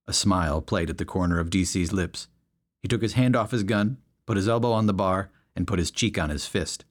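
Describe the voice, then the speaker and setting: Low-voiced male audiobook narrator. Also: fairly quick.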